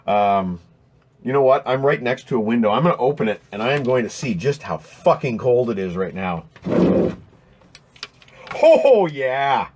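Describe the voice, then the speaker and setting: A man's voice: mid-range voice, big pitch swings, moderate pace, long pauses, noisy background. A man hosting a live stream from indoors, chatting casually and joking while he answers viewer questions. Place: indoors next to a window.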